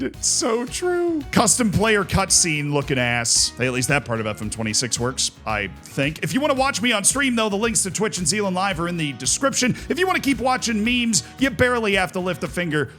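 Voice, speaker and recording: A man's voice: fairly high pitch, very animated, brisk, pushed and bright, faint music behind. A man giving casual, jokey commentary on video game memes, sarcastic and full of mock outrage. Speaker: gaming YouTuber reacting to memes.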